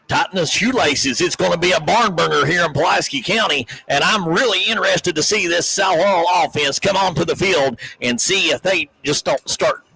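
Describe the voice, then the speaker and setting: A man doing color commentary on a high school football game, chatty and full of hype. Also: fairly quick, vocal fry, hardly any pauses, pushed and bright, breathy edge, rough recording.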